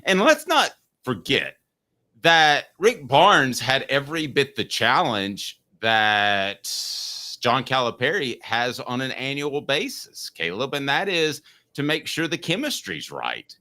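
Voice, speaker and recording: A man's voice: mid-range voice, sing-song, slow pace, pushed and bright. A man hosting a sports talk show, opinionated and emphatic, arguing his points with rhetorical questions.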